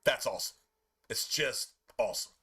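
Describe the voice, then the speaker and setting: A man chatting casually while streaming a game, telling profane, animated stories about his pets. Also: medium pitch, normal speed, slightly rough. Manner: animated, profane storytelling with playful put-on pet voices.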